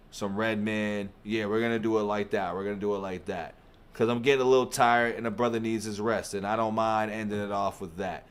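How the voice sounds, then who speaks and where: A man hosting a music reaction channel, talking in an animated, profane, emphatic way and repeating his phrases. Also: lowish voice, clear, resonant tone. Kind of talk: casual music reaction commentary.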